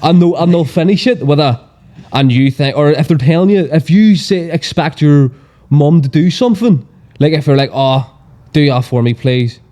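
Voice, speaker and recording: Belfast man, guest on a chatty podcast; mellow, darkish tone, salty tongue, acts out the quotes. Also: a little high, normal speed. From Northern Ireland. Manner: animated storyteller, swears freely, acts out quotes. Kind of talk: casual chat.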